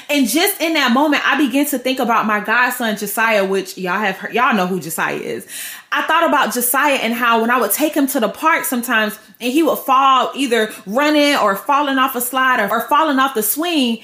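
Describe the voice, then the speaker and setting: High bright-voiced woman podcast host. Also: fairly quick. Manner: casual, slangy, storytelling. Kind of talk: devotional teaching. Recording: roomy echo.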